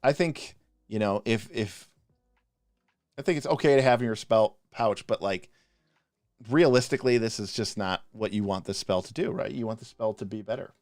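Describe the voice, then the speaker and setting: A man co-hosting a live stream, ranting passionately in a casual, animated way with frequent restarts. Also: on the low side, moderate pace, dry recording, soft background music. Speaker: podcast co-host reviewing game spells.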